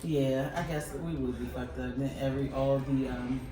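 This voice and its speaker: A woman's voice: rumbling low, steady tone, moderate pace, echoey room, distant mic. A woman co-hosting a casual chat podcast, swearing and laughing a lot as she talks. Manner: loud, swearing, laughing often. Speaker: podcast co-host.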